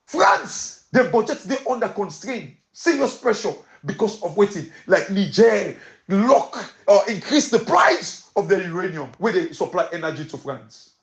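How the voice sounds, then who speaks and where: Male host, Sierra Leonean Krio accent, fairly high voice, impassioned pidgin-English commentary. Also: big pitch swings, unhurried, vocal fry, hardly any pauses. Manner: rallying, repetitive exhortations.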